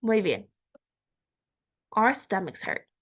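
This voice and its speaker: A woman teaching a Spanish lesson, saying each word slowly and repeating it for learners. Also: mid-range voice, very animated, fairly bright tone. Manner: slow and deliberate, repeating words for learners. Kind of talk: language lesson.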